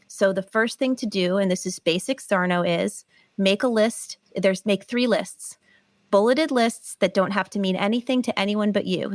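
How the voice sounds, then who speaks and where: A woman's voice: medium pitch, no room sound. Earnest woman explaining, dry close sound. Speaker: guest, pain recovery author. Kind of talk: podcast interview.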